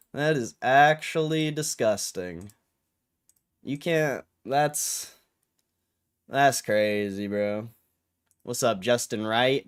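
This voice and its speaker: A man's voice: mid-range voice, fairly bright tone. A young man hosting a livestream, ranting in an annoyed, swearing way with frustrated laughs. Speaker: livestream host. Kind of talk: casual livestream rant.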